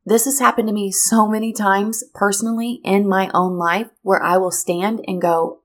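A middle-aged woman telling a personal story to teachers, animated and speaking straight to her listeners. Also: mid-range voice, moderate pace, few pauses. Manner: animated, addresses listeners directly.

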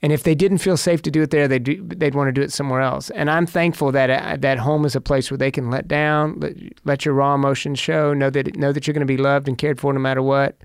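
A man's voice: mid-range voice, steady tone, fast, hardly any pauses, clean tone, no room sound, studio quality. A man in his forties with teenage daughters, talking earnestly about family and faith, telling stories. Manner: earnest, storytelling, prayerful. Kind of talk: casual faith talk.

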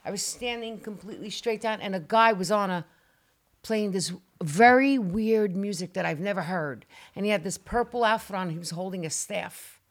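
A woman telling a frightening personal story on a casual talk show, animated and dramatic, acting out her own cries and swearing as she goes. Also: mid-range voice, moderate pace.

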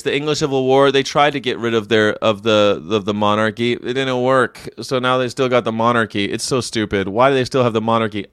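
A man's voice: mid-range voice, fairly bright tone, smooth, no echo, clean studio sound. A young man hosting a casual show, commenting on history facts in an irreverent, rambling way, with swearing and jokes. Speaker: show host.

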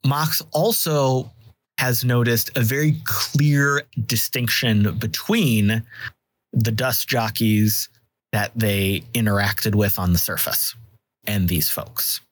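A man runs a tabletop game, setting scenes in a slow, measured voice of middle pitch. The sound is dry and close, with no room around it. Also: steady tone, no room sound. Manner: descriptive, measured, with restarts. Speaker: game master.

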